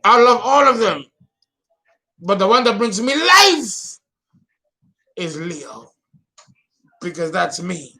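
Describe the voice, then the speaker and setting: Theatrical high-voiced man talking astrology. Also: very animated, takes it slowly, gravelly, pauses often, bright, forceful tone. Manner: theatrical, exclamatory, laughs at himself. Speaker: astrology channel host. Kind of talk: casual solo astrology talk.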